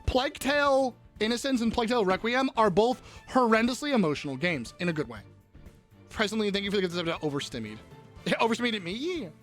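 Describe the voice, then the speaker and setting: A man's voice: high-pitched, expressive, fast, a bit bright, faint music behind. A young man live-streaming in casual chat, crudely joking and riffing on messages from his viewers.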